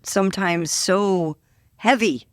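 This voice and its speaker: A woman's voice: medium pitch, takes it slowly, dry recording, studio quality. Chatty, upbeat woman podcast host. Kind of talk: casual interview.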